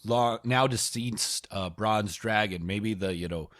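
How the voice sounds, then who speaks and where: A man co-hosting a podcast, speaking haltingly with lots of fillers and joking as he brainstorms a tabletop adventure. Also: fairly low pitch, a bit bright, no room sound, clean studio sound. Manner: halting, many fillers, jokey. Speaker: podcast co-host. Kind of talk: casual chat planning a tabletop adventure.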